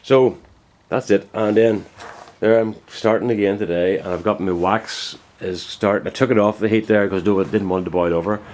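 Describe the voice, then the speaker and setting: A deep-voiced man talks casually in his woodworking shed. He rambles in a folksy, easygoing way and often corrects himself mid-sentence. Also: fairly even intonation, moderate pace, a little mellow. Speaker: woodturner. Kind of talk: casual workshop vlog.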